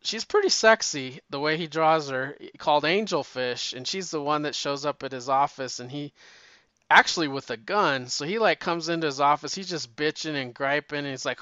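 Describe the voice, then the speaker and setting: A man rambles in casual chat at a normal speed, swearing freely and frequently restarting his sentences. His voice is bright, clear, and slightly high, while the recording sounds dull, lo-fi, and dry.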